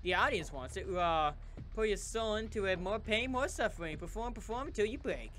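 A man's voice: high voice, expressive, a little fast, a bit bright, slight background noise, voice pushed up. A man voicing a cold, mocking villainous girl who taunts in a theatrical way. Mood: sneering.

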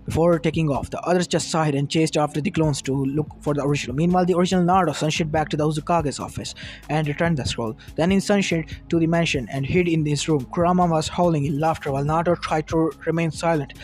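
A man's voice: a little high, steady tone, fast, a little mellow. A man reading a fan fiction story aloud, with small stumbles and restarts. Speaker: narrator. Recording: music under the voice. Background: lofi background music.

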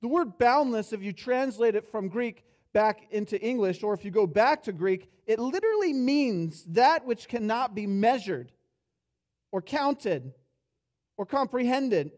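A pastor preaching a sermon in a church, telling a story and acting out its characters, dropping soft and low for reflective points. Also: male voice, expressive, measured pace. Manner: storytelling, acts out characters' lines with rising energy. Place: church sanctuary.

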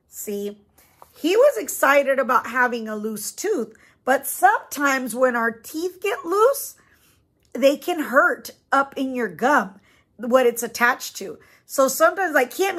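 Female preschool teacher, high voice, slow lively read-aloud with questions for the kids. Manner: gentle, asks the children questions, explains. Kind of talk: reading a picture book aloud to children.

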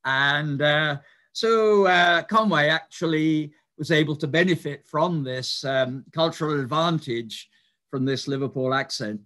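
An older man giving a reminiscing lecture, speaking in a measured, explanatory way with some hesitant fillers. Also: fairly high pitch, pushed and bright. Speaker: mathematician giving a talk.

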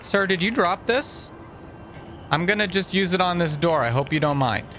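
A young man giving excitable, jokey gameplay commentary and swearing often. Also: high voice, normal speed. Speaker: gaming channel host. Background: game music and sounds.

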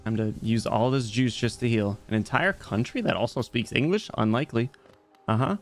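A young man streams a video game as a VTuber, talking to his chat in a rambling, jokey way as he plays. He speaks a little fast in a mid-range voice, with soft music in the background.

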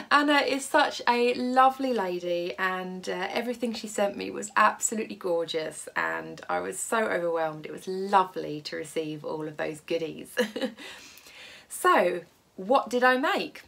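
A woman with a gushing, excitable manner who laughs often, chatting casually as a sewing vlogger. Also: medium pitch, measured pace, gravelly. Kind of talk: casual unboxing vlog.

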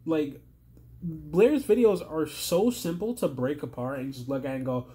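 A man's voice: fairly high pitch, a little slow, dark tone. A tired man hosting a reaction video, rambling in an exasperated, stammering way and swearing often. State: tired, strained voice. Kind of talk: casual rambling commentary.

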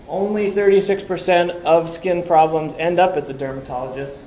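A man's voice: a little high, steady tone, moderate pace, darkish tone, a little hiss or hum. A man giving a conversational lecture with slides, asking the audience questions and tossing in wry asides. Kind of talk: conference talk with slides. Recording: echoey room, faint background ambience.

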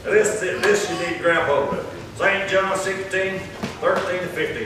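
A man preaching a sermon, emphatic and repeating his points, slowing down to read scripture. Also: high voice, fairly even intonation, fairly bright tone, slight background noise. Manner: emphatic, repeats lines, reads scripture slowly. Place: church. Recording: echoey church room, distant mic.

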